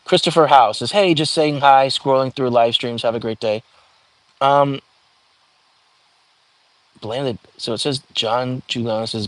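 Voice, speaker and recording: Chatty young man hosting a livestream. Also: medium pitch. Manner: chatty and easygoing, reacts to viewer comments as they come. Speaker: livestream host. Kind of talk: casual livestream chat, reading comments aloud. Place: home.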